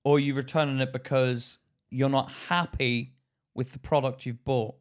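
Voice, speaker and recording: A man, co-hosting a casual podcast chat, teasing his co-host with quick questions and interruptions. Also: medium pitch, fairly even intonation.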